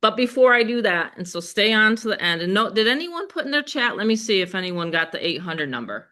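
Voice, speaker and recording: An older woman with a Western New York accent, hosting a live webinar sales pitch in a chatty, upbeat way, speaking straight to her audience. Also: very animated, fairly quick, pushed and bright. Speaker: webinar host.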